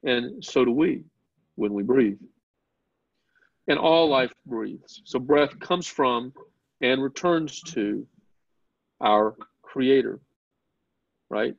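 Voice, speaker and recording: A man lectures to a Bible class, earnest and openly excited about his point, and he keeps turning questions back to his students. His voice sits at a middle pitch with a gravelly edge. The recording is dry and dull, with a lo-fi sound. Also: very slow, pauses often, no echo.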